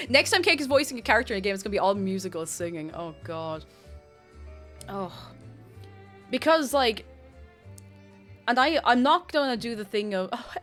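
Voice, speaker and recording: Lively chatty streamer woman. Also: medium pitch. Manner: animated, self-interrupting, chatty with viewers. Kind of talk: casual live-stream chat. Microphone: desk microphone.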